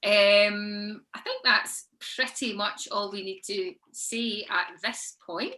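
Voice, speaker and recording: A woman's voice: mid-range voice, slow pace, bright, forceful tone, a little hiss or hum. A woman hosting an online book panel over a video call, chatty with frequent ums. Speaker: panel host.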